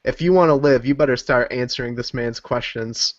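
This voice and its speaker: A man doing a tough cyborg mercenary who threatens with a deadpan edge and keeps calling people "mate". The sound is dull and lo-fi. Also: medium pitch, brisk, no room sound, close to an everyday voice. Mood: menacing. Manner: menacing, dry-humored, says "mate" often. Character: tough male cyborg mercenary, gruff and menacing. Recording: dull lo-fi recording.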